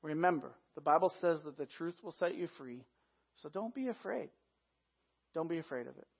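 A man with a somewhat high voice preaches in an easy, conversational manner, often turning to his listeners as "guys". His delivery stays lively and direct throughout. The recording sounds muffled and lo-fi. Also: normal speed, gravelly, slightly rough. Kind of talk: sermon. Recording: dull lo-fi recording.

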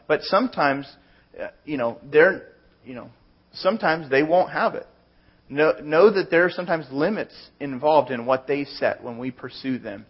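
A man's voice: a little high, expressive, normal speed, slightly rough, muffled recording. A man preaching a conversational sermon, working through plain everyday examples. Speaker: pastor.

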